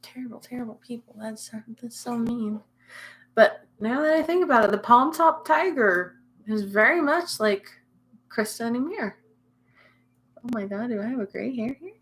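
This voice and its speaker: A woman's voice: on the high side, animated, normal speed, a bit bright. A young woman hosting a casual livestream, chatting and teasing her viewers and laughing often. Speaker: livestream host. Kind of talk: casual livestream chat reading comments.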